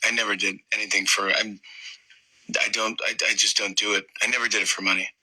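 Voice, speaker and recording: A middle-aged man tells a story in an interview, and he acts out the voices of the people in it. His tone is very bright and clear. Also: on the low side, little pitch movement, quick pace, low-quality recording. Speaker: comedian guest.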